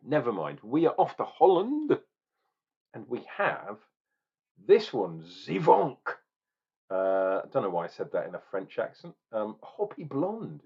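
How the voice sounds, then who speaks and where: A man's voice: medium pitch, a little mellow, husky, dull audio. A man doing a casual beer review video, rambling with restarts and growing exasperated as he rants.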